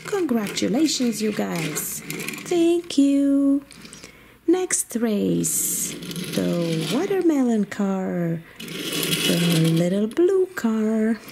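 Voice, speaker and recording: A woman's voice: medium pitch, big pitch swings, extremely slow, creaky, noisy background. A woman playfully narrating a children's toy car game in a sing-song way, making car and animal noises.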